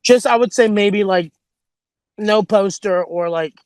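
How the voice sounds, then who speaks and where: A man's voice: sits high, unhurried, no room sound. Man, comedian guest, rambling storyteller, acts out quotes, dry close sound. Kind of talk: casual podcast chat.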